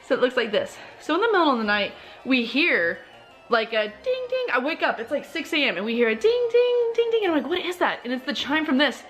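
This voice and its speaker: A woman's voice: sits high, sing-song, a little fast, a bit bright, soft background music. A young woman chatting casually in a rambling vlog from her bedroom, talking as a mom with lots of fillers. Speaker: mom vlogger. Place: bedroom, lying in bed.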